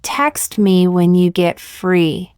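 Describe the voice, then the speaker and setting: Slow, clear-voiced woman teaching English. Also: lowish voice, steady tone, darkish tone, dry recording, studio quality. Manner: slow, deliberate, evenly paced phrases with pauses. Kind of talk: reading example sentences for learners.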